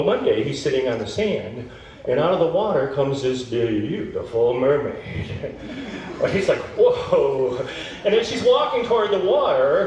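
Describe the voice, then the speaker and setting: Folksy emcee telling a joke in a hall. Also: male voice, sits high, a little hiss or hum. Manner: folksy, playful, drawn-out delivery. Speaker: master of ceremonies. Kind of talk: stage joke storytelling. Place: large hall at a talent show. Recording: echoey hall from far off.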